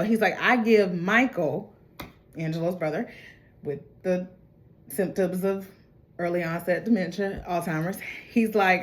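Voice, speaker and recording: A young woman talks through a TV episode in a loose, chatty way. She drops into quick impressions of the characters as she retells the plot, then slips back into her own easy slang. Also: lowish voice. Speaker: TV recap host. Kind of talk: casual recap chat.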